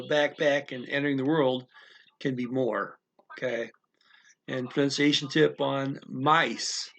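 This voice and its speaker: A man teaching a casual language lesson, explaining slowly and haltingly with many fillers and repeated words. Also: mid-range voice, gravelly, fairly bright tone.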